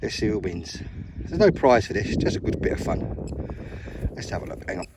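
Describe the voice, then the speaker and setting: A middle-aged man with an English West Country accent chats to viewers while metal detecting in an open field, calling them mate and guys. His voice is on the low side, sing-song and brisk, and the outdoor field recording is noisy.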